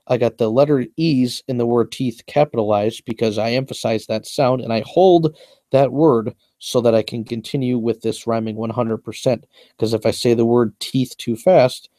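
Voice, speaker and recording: Young male rapper, mellow dry voice, boastful and long-winded as he walks through his own lyrics. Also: medium pitch, dry recording. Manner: boastful, repetitive, explains at length. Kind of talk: casual lyric breakdown monologue.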